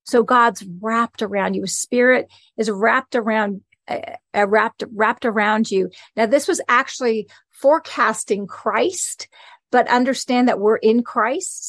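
A woman's voice: mid-range voice, fairly bright tone, no echo. A woman preaching an earnest, conversational sermon and reading scripture aloud as host of her podcast.

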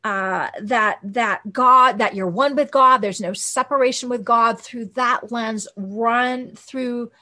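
Woman teaching church stuff, chatty, lots of uh and right, kinda high voice. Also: slow pace, hardly any pauses. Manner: animated, conversational, with many fillers and quoted asides. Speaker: Christian teacher on hearing God. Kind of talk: informal teaching talk.

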